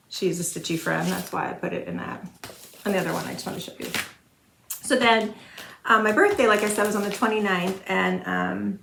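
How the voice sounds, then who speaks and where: A woman's voice: medium pitch, vocal fry, bright, forceful tone. A woman in her forties chatting casually to camera as a stitching vlogger, rambling with many fillers and restarts. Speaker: Flosstube vlogger. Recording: roomy echo, faint noise.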